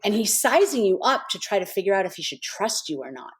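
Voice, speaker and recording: A woman's voice: mid-range voice, sing-song, brisk. A woman guest on a podcast, telling an earnest, heartfelt story with many "kind of" and "like" asides. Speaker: guest, animal intuitive.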